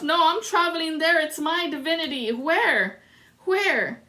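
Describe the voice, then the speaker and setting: A woman with a high, bright, sharp voice leads a solo spiritual card reading. She is dramatic and sassy, and drops in sung lines and salty asides. She takes her time between phrases. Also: measured pace. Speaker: tarot reader.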